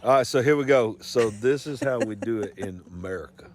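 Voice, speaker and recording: A man's voice: medium pitch, fairly quick, a little mellow. Folksy Southern man hosting a live stream. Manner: folksy, emphatic, repeats himself. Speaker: co-host of a live-stream show.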